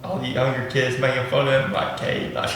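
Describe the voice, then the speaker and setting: A teenage football player talks loosely and relaxed. His voice is bright and sharp, mid-pitched. A long hall echo and faint noise sit around him. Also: quick pace. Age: teens. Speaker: high school football player. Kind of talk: casual interview answer. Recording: echoey hall.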